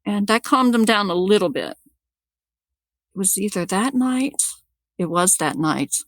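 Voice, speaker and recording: A woman guest recounting something that happened to her, talking in a gravelly, creaky voice. She often restarts and repeats words mid-thought. The sound is close and dry. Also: mid-range voice, lively intonation, a little slow, no room sound. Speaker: podcast guest telling her story. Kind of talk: personal storytelling.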